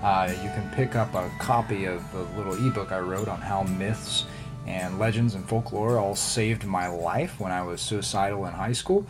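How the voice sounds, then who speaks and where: A man hosting a podcast and reading a fable aloud in a relaxed bedtime story style, with the odd "uh". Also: low voice, moderate pace, over music. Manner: relaxed, with filler "uh"s. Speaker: podcast host and reader.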